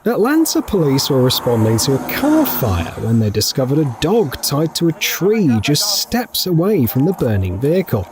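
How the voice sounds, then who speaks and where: A man narrating a compilation of scripted clips in a lively storytelling manner. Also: fairly high pitch, moderate pace, few pauses. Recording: noisy background.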